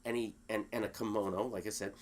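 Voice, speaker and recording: A man being interviewed, telling a story in a lively, animated way and acting out the quotes. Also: fairly low pitch, quick pace, slight background noise. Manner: animated storyteller, acts out quotes, many restarts. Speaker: guest.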